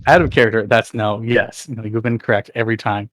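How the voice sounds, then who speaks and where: A man's voice: on the low side, steady tone, a little fast, fairly bright tone, dry recording. A man playing a tabletop game who talks in a laid-back, amused way. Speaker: player. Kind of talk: casual tabletop play.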